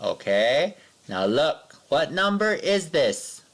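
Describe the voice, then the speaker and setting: A man's voice: on the high side, very animated, a bit bright. Sing-song man teaching young children. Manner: patient, sing-song, drawn-out counting with pupils. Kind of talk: remote math lesson for young children.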